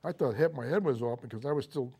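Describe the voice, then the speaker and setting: An older man, a Marine veteran, recounting his memories in a TV interview, speaking haltingly with frequent fillers and restarts. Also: medium pitch, gravelly, mellow, breathy edge. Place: local TV studio.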